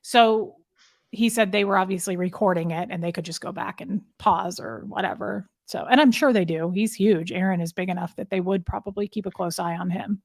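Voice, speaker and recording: A woman speaks as a guest in a conversational interview, recounting her story candidly and emotionally. She often halts and restarts her sentences. Her voice sits in a mid pitch and sounds dry, with no room echo. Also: brisk, gravelly.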